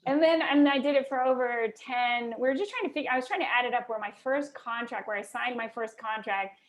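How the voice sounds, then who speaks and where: A woman with a high, bright voice tells her story as a guest with lively, exclamatory energy. Her delivery is chatty and expressive, full of little exclamations. She sounds like a seasoned radio talker relaxed in conversation. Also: brisk. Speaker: real estate radio host.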